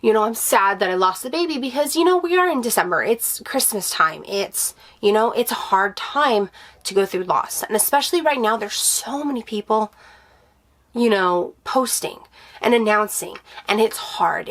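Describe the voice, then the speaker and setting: A woman's voice: a little high, expressive, normal speed, fairly bright tone. A woman sharing a personal update in a vlog, candid and emotional, with many fillers and restarts, reassuring her viewers. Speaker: vlogger, stay-at-home mom.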